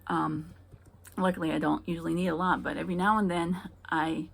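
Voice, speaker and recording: A woman's voice: low-pitched, steady tone, moderate pace, creaky, husky. A woman performing a stand-up comedy set, talking in a hesitant way full of ums before landing dry punchlines. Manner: hesitant, filler-heavy delivery with dry punchlines.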